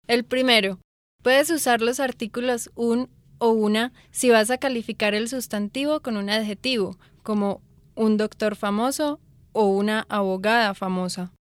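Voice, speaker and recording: Higher-voiced woman modeling careful pronunciation. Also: no echo. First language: Spanish. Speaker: native-speaker language tutor. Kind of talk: scripted language lesson.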